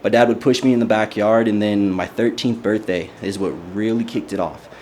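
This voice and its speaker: A man's voice: on the low side, fairly even intonation, a little fast, darkish tone, slight background noise. A young man, a bodybuilder, telling his personal story in a casual, earnest way with many fillers. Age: young adult. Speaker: bodybuilder interviewee.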